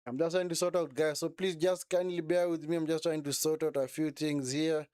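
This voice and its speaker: A man's voice: fairly high pitch, fairly even intonation, a little fast, darkish tone, clear, resonant tone, no room sound, studio quality. A young man hosting a casual live watch-along stream, talking in a chatty, repetitive way and often correcting himself.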